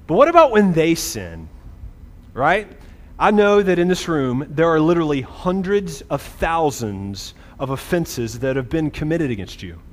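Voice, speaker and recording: Conversational male pastor in a hall. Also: a little high. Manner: conversational, frequent "right?" asides. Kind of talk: sermon. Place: church hall. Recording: reverberant hall, faint ambience.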